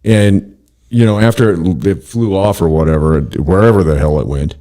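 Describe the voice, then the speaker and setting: A man's voice: sits low, moderate pace, dark tone. A man hosting a podcast, telling rambling, profane stories in casual chat and laughing often. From Pacific Northwest of the US. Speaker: podcast host.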